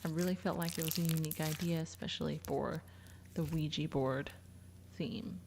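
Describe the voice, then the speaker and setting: A woman talks through her slime reviews in a casual, gushing way. Her voice sits low. Clear crinkling, crunching and clicking play under her words throughout. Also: flat delivery, fast talker, a little mellow, slight background noise. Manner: chatty and gushing.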